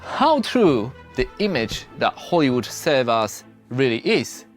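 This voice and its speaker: A man reading scripted narration for an explainer video, steady and explanatory. His pitch is ordinary. Soft background music plays under him. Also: unhurried.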